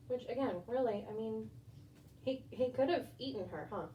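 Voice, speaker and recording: In an echoey room, with a distant mic and faint background noise, a homesteader and channel host reads a storybook to her baby rabbit, adding chatty comments to it. Her voice is on the high side, mellow, and moderately paced.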